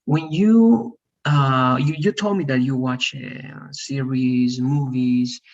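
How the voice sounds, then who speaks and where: A man's voice: mid-range voice, slow pace, dull audio. A man teaching an English lesson over a video call, patient, often checking in with "right?". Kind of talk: one-on-one online English lesson.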